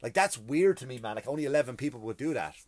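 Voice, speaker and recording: A man's voice: medium pitch, lively intonation, fast, a little mellow. A man rants through a comedic podcast monologue, swearing often and restarting his sentences. His voice sits in a middle range. The sound is dry and close, with no room echo.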